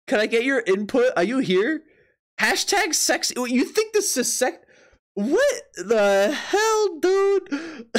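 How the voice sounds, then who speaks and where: A streamer doing live commentary, voice pitched in the middle of the range. The delivery breaks into laughter again and again, with stumbling restarts and incredulous questions. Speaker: Twitch streamer.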